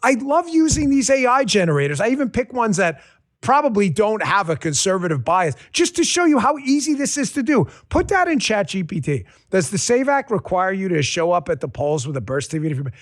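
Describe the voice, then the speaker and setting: A man hosts a political talk show in a sarcastic, ranting monologue. His voice sits very high for a man and swoops around a lot. He keeps hammering the same punchlines and calls out to his crew and listeners. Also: very animated, a little fast. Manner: talks straight to his audience and crew.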